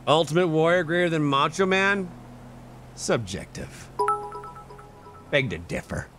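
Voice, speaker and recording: A man's voice: a little high, big pitch swings, measured pace, over music. A young man streaming live, chatting casually, chuckling and thanking his chat. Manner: laid-back, chuckling, reads and thanks chat.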